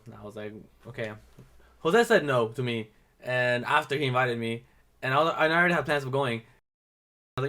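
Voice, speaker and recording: Smooth-voiced young man telling a rambling story. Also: medium pitch, moderate pace, fairly bright tone. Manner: rambling, profane, switches into Spanish. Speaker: vlogger. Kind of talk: casual storytelling to camera.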